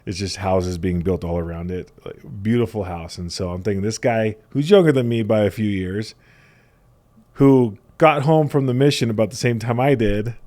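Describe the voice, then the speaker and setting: A young man telling stories in casual conversation, animated and laughing often as he acts out quotes. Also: fairly low pitch, moderate pace. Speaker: podcast guest, salesman. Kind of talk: casual storytelling chat.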